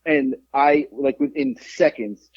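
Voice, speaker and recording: A man hosting a podcast, telling a rowdy story in casual chat, profane and animated, acting out the people in it. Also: mid-range voice, takes it slowly, dry recording. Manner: profane, animated, acts out the people in his stories. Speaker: podcast host. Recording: dull lo-fi podcast audio.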